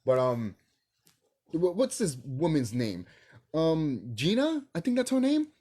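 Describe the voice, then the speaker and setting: A young adult vlogger rants to camera in a loose, profane ramble, stumbling through fillers and restarts. The voice is husky and a little breathy. The pitch swings widely from line to line, and the delivery is casual and unscripted. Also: sing-song, slow pace, dark tone.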